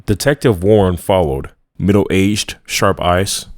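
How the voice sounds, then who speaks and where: A man narrating a first-person horror story in a tense, measured way. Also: low voice, no echo, studio quality.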